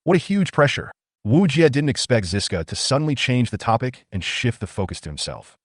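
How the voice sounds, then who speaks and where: A man narrating a manga recap in a brisk, steady storytelling read. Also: mid-range voice, no room sound, studio quality.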